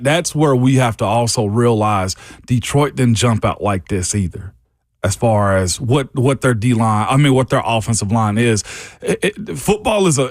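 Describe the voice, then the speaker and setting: A man's voice: medium pitch, no echo, studio quality. A man co-hosting a sports radio show, talking bluntly and in restarts as he breaks down line play. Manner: blunt, repeats himself, frequent restarts. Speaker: sports radio co-host, former lineman analyst.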